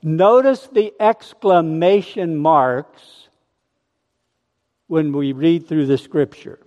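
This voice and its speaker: A male pastor preaching a sermon in a slow, emphatic manner. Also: on the high side, highs cut off. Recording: long hall reverb.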